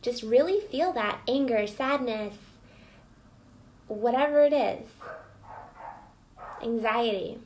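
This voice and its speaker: A woman's voice: on the high side, lively intonation, slow pace, long pauses, a little mellow, a little hiss or hum, poor audio. A woman coach leading a live guided reflection session, prompting listeners with repeated questions. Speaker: emotional wellness coach.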